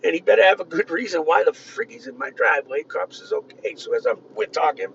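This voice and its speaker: A man in his fifties telling rambling personal stories in a gruff manner, swinging between loud outbursts and low muttering. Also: lively intonation, quick pace, a little hiss or hum. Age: 50s. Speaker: vlogger. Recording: distant, dull lo-fi with faint ambience.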